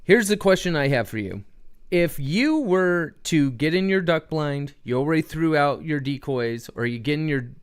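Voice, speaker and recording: A man's voice: fairly high pitch, expressive, normal speed, clear, resonant tone. Man hosting a rambling livestream. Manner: rambling, talks straight to chat, asks viewers questions. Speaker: livestream host. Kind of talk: casual livestream chat with viewers.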